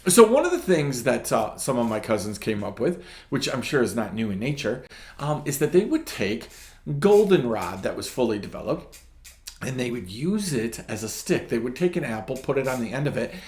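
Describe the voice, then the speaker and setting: A man hosts a casual devotional talk, telling a story with a lively, rising and falling voice. He keeps checking in with the listener with "right?". The sound is roomy and echoey. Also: medium pitch, moderate pace. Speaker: ministry host. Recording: echoey room.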